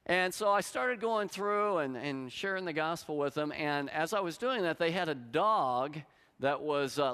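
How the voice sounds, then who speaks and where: A middle-aged male pastor with a smooth, fairly high voice preaches a sermon in a hall with long reverb. He tells stories animatedly, acting out the lines of the people in them.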